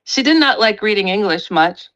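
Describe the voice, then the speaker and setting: A middle-aged woman, a paranormal researcher and radio host, telling a story in an animated way, acting out quotes with big jumps in pitch. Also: normal speed.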